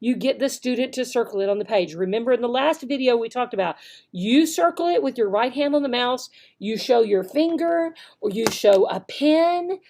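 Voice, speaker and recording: A woman's voice: fairly high pitch, animated, moderate pace, gravelly, a little mellow. A woman giving an instructional video lesson for online English teachers, checking in with "okay?" often and demonstrating words in varied voices.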